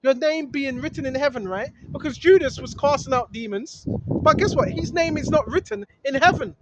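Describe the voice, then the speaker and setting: At a moderate pace, a very high-pitched man preaches on the street informally, reading scripture and driving his points home repetitively until he shouts. The recording is dull and lo-fi, carrying faint noise.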